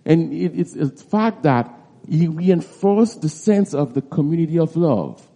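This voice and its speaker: A man preaching through a Bible passage in an expository teaching style, halting often and restarting his phrases. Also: a little high, expressive, mellow. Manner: halting, with frequent restarts and repeated words.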